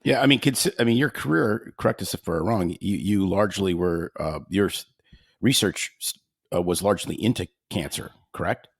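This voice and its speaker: Deep-voiced, joking podcast host. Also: male voice, a little fast, vocal fry, slightly rough, dry recording, clean studio sound. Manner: joking, chatty, rambling questions. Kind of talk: casual chat interview.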